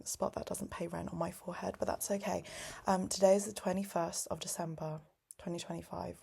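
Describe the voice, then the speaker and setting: A young woman talks to camera in a loose, rambling vlog, full of fillers and restarts. Her voice sits slightly low and has a gravelly, fry-laden edge. At times she sinks into a soft whisper, as if keeping quiet at home. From United Kingdom. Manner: chatty, rambling, often drops to a whisper; many "like" fillers, self-interrupting. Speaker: vlogger. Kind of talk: casual vlog chat.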